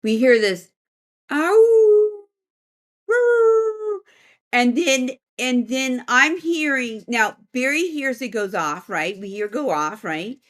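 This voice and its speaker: A middle-aged woman, a psychic medium, telling a story in a casual interview as an animated storyteller who laughs often. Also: fairly high pitch, a little slow, few pauses.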